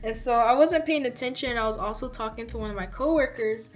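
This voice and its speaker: A woman's voice: on the high side, fairly quick, faint music behind. A woman in her twenties telling a casual storytime, chatty, with lots of "like" as she acts out what people said. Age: 20s. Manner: chatty, fills speech with "like", acts out dialogue. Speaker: vlogger.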